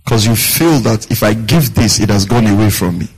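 At a normal speed, this man speaks in a slightly rough voice, and the recording is rough too. Preaching as a pastor, he asks the congregation questions, repeats important lines, and plays the characters in his stories, swinging his pitch widely when quoting them.

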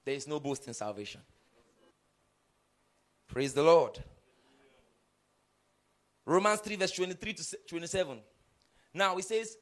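A man preaching a sermon, emphatic and often checking in with the congregation, rising to loud bursts and dropping low again. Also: a little slow, long pauses. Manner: builds to loud bursts, then drops low and quiet.

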